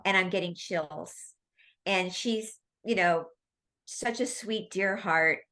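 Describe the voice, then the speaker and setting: A woman with a bright, forceful voice and a slightly low pitch tells stories as an interview guest. Her talk is casual and rambling, with many asides. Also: slow. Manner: animated, rambling storytelling. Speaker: guest, medical intuitive medium.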